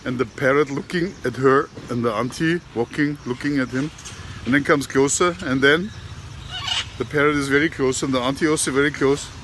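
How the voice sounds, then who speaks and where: Man, casual storytelling, halting restarts, mid pitch, outdoors on a camera mic, faint background noise. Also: fairly bright tone. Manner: halting, repeats and restarts words. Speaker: vlogger telling a joke. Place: outdoors at an industrial estate. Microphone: handheld camera.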